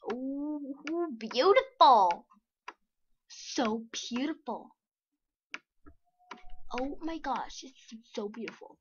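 A young woman giving casual, sarcastic commentary over a screen recording, giggly and excitable, sometimes dropping to a whisper. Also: high voice, slow, long pauses, a little hiss or hum. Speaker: vlogger. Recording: dull lo-fi mic with mouse clicks.

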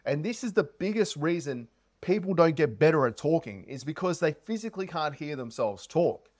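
A man's voice: a little high, normal speed. A man coaching on sales, talking to camera with lots of inflection and energy. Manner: animated, heavy inflection, energetic. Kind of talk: casual advice talk to camera.

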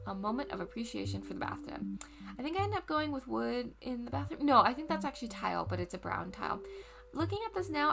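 A woman's voice: medium pitch, gravelly. A tired woman talking casually over her video, chatty and rambling, often stopping to correct herself. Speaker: video creator narrating her own home build.

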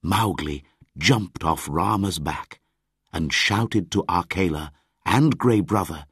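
A man reading a storybook aloud as the narrator, in a measured, deliberate way. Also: sits low, a bit bright, husky, dry recording, studio quality.

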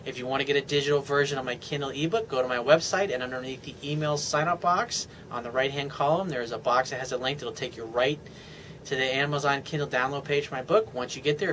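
A man's voice: medium pitch, a bit bright, a little hiss or hum. A man giving dating advice as a coach, blunt and emphatic, with casual swearing. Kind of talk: advice monologue to a viewer.

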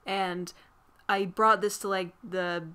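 A woman's voice: medium pitch, flat delivery, takes it slowly, bright, forceful tone, smooth. A woman casually recapping a film's plot, rambling with constant fillers and frequent swearing. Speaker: movie recap vlogger.

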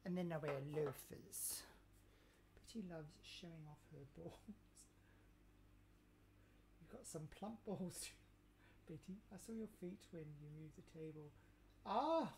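A woman's voice: low-pitched, a little slow, long pauses, mellow, a little hiss or hum. A woman hosting a casual live cooking stream from her kitchen, camp and cheeky, chatting and reading viewer comments aloud. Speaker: cooking livestream host.

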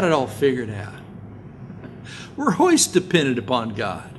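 A middle-aged man preaching a sermon, telling stories in a folksy way and rising loud and high to stress his points. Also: huge pitch swings, measured pace, long pauses, a little hiss or hum. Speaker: pastor.

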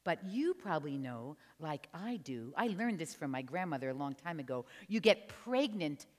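Older woman storyteller, lively and echoing. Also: low voice, moderate pace. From New Jersey. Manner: animated, chatty, teases the audience. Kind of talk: humorous live storytelling. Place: stage at a storytelling festival. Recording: long hall reverb.

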